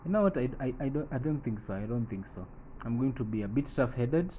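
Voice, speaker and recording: A man narrating his football management game, thinking aloud through decisions and breaking into excited play-by-play calls at goals. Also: medium pitch, a little fast, a little hiss or hum, poor audio. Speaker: gaming channel host.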